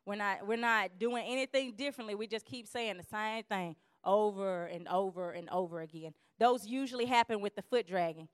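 A woman giving a lively church teaching on conflict, acting out quarrels in quick voices. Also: mid-range voice, clear, resonant tone, dry recording, studio quality.

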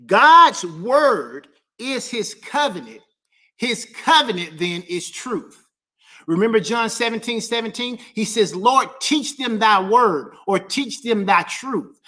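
A man preaching a sermon as pastor, emphatic and driven by repeated refrains, drawing key phrases out slowly. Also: sits high, sharp tone.

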